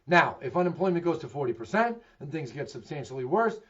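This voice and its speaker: A middle-aged man with a Boston accent talks through the housing market to camera, frank and emphatic. He keeps posing questions and answering them himself, in a voice sitting a little high. The recording sounds dull and lo-fi. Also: sing-song, quick pace. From Massachusetts. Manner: candid, emphatic, asks and answers his own questions. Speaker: real estate agent giving a market update. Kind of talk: direct-to-camera market commentary.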